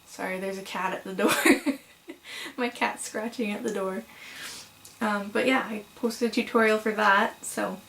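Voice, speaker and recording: A young woman chatting casually to camera at home about her crochet projects, with frequent "um"s and "so"s and quick apologies. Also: medium pitch, steady tone, creaky, fairly bright tone, slight background noise, low-quality recording. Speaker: crochet vlogger. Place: home room.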